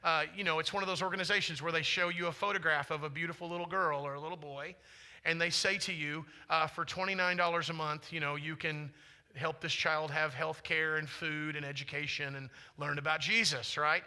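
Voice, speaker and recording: A pastor in his forties preaches in an easy, chatty storytelling manner and keeps turning to the congregation with questions. His voice sits high and sounds very bright and forceful. The delivery is conversational, not formal. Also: fairly even intonation, fairly quick. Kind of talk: sermon. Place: church sanctuary.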